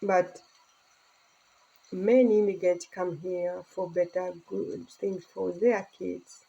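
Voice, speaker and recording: Middle-aged woman from Tanzania, earnest casual vlog to phone, mellow husky tone. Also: fairly low pitch, flat delivery, slow, highs cut off. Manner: earnest, speaking broken English with laughter. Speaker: vlogger.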